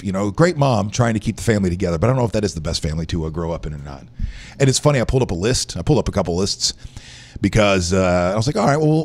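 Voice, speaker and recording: Low-pitched and a little mellow, this middle-aged live show host rambles casually with his stream's viewers. He sounds tired and weak after staying up late.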